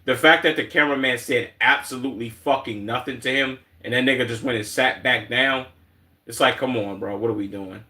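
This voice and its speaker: Bright-voiced Chicago streamer, profane. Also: male voice, mid-range voice, fairly quick. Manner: profane, slangy, blunt. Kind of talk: casual reaction commentary.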